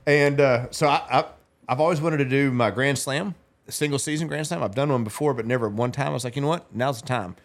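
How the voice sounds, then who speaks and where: A man's voice: mid-range voice, fairly quick. A man, telling a long story as a podcast guest, rambling and laughing as he goes. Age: 40s. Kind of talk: casual storytelling.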